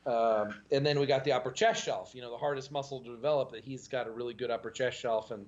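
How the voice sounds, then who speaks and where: A man talking as a podcast guest, in a casual, animated storytelling way. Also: fast talker, dull audio. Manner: animated storytelling with pitch jumps and laughs.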